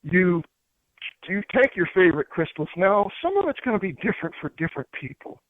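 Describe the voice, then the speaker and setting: A man from upstate New York teaches about crystals and spirits in loose, earnest talk. He keeps stopping to restart his sentences and drops in filler words. His voice sits high and comes through dry and tinny, like a phone line. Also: big pitch swings, fairly quick, no room sound.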